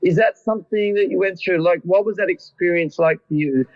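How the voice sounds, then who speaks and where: A man's voice: sits high, brisk. An Australian man interviewing a guest, effusive and complimentary, asking long rambling questions. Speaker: interviewer, film director. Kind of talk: video interview chat. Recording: dull lo-fi audio.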